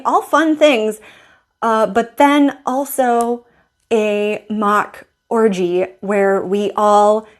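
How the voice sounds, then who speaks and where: A woman style coach telling a personal story in a vlog, acting out her own inner thoughts as she goes. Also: mid-range voice.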